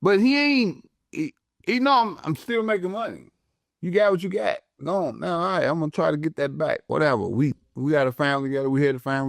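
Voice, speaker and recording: A man's voice: a little high, a little fast, creaky, no room sound. A man co-hosting a casual podcast chat, talking in a blunt, profane, slang-heavy way. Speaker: podcast co-host.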